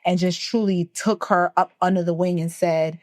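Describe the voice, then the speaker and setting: Woman co-host, low pitch, emphatic and profane, dry close mic. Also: steady tone, normal speed, darkish tone, dry recording. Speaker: podcast co-host and DJ. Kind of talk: casual chat.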